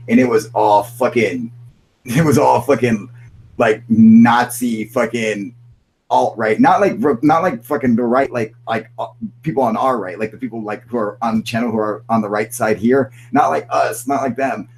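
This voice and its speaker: A man's voice: mid-range voice, creaky, slight background noise, low-quality recording. A man hosting a casual live-stream chat, rambling and swearing, calling everyone "dude", sounding burnt out. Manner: profane, rambling, says "dude" constantly. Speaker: channel host.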